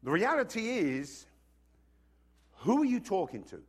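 A man preaching in a lively, bouncy way, his voice rising and falling a lot. He sits a bit high for a man and talks to the congregation casually, mixing teaching with jokes and acted-out bits. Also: measured pace, slightly rough. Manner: animated, conversational preaching with joking asides. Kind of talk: sermon.

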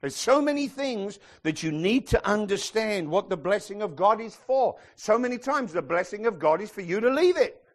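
A man preaching a sermon to his congregation, animated and sometimes shouting as he acts out the people in his stories. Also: sits high, moderate pace. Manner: animated, acts out quoted voices, some shouting.

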